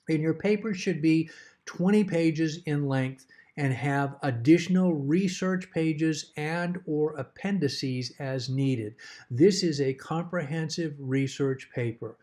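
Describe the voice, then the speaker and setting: A middle-aged man explaining a course assignment in a measured, emphatic way, repeating key words to stress them. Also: fairly high pitch, warm tone. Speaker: course instructor. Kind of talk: recorded course assignment overview.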